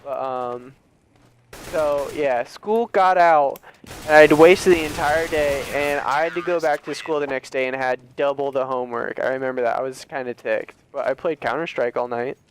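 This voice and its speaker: A man co-hosting a casual gaming podcast, telling animated stories while he plays. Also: mid-range voice, normal speed, a little hiss or hum. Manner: animated storyteller who acts out shouted quotes. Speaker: podcast co-host. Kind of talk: casual gaming chat over gameplay.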